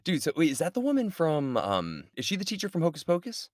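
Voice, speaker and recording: A man's voice: on the high side, wildly swooping pitch, fast, no room sound, studio quality. A man co-hosting a podcast, chatting casually with a friend and joking sarcastically. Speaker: podcast co-host. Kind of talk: casual chat between friends.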